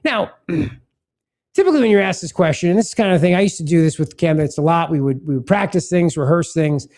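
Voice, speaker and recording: A man hosts a political talk podcast with sarcastic commentary. He reads material aloud and breaks in with mocking asides. His voice sits high for a man. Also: lively intonation, fast, a little mellow. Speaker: podcast host.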